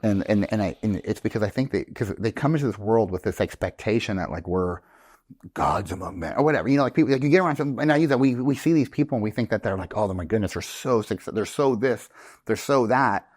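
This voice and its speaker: A man's voice: on the low side, lively intonation, quick pace, a little mellow, dry recording. A middle-aged man telling stories in casual chat, rambling and acting out quoted dialogue. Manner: rambling storyteller, acts out quoted dialogue, swears. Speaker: podcast guest, real estate instructor.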